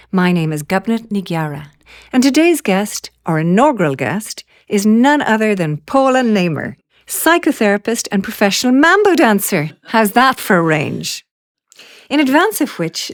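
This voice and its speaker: A woman's voice: mid-range voice, no echo, clean studio sound. A woman hosting a podcast, delivering a flowery, theatrical scripted introduction. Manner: ornate, theatrical, wordplay-loving delivery. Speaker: podcast host.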